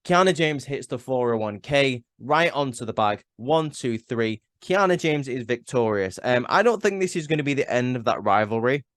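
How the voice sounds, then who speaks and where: Male reviewer, mid pitch, casual and opinionated, dry close sound. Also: expressive, normal speed, hardly any pauses, a bit bright, dry recording. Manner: rambling, frequent "um" and restarts, opinionated. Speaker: wrestling show reviewer.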